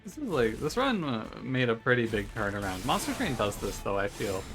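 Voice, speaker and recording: A man's voice: medium pitch, sing-song, fairly quick. A man giving joking, wry commentary while playing a video game at home, with mock trash-talk. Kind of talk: gameplay commentary. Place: room at home by a window. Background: game music.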